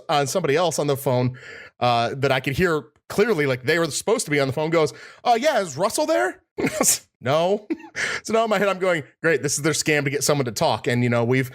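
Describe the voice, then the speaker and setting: A man's voice: a little high, animated, brisk. A man co-hosting a podcast in casual chat, rambling and laughing through a story. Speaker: podcast co-host.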